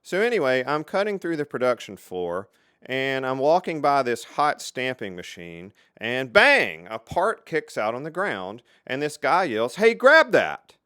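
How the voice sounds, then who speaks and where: Middle-aged male vlog host; animated, clear-voiced storyteller, dry close-miked delivery. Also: medium pitch, dry recording. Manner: lively, animated storyteller with dramatic pauses. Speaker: vlog host telling career stories. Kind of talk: casual storytelling to camera.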